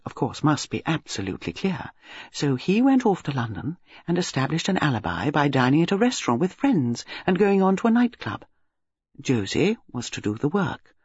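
A man reading an audiobook, voicing a shrewd, gentle elderly spinster sleuth in a soft, measured way. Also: on the high side, husky, no echo, muffled recording, heavily acted. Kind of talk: audiobook character voice.

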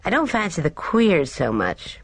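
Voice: medium pitch, wildly swooping pitch, unhurried, a bit bright, breathy edge, no room sound, pitched above the performer's own voice, full character voice. A chatty, breezy young woman, as a reader puts her on. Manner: chatty, airy, slangy upper-class talk.

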